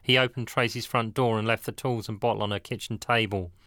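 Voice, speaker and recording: A man narrating an audiobook in an even, measured reading. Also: on the low side, no room sound, studio quality.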